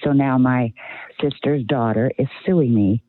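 A woman's voice: very deep voice, measured pace, no room sound. An older woman calling in to a radio advice show, speaking in a matter-of-fact way. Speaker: caller. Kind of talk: phone-in call. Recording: dry tinny phone line.

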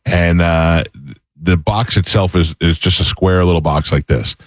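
A man with a very low voice telling a relaxed, chatty story with plenty of laughs. The sound is dry and close to the mic. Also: a little slow, no room sound. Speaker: podcast co-host. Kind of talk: casual chat, storytelling.

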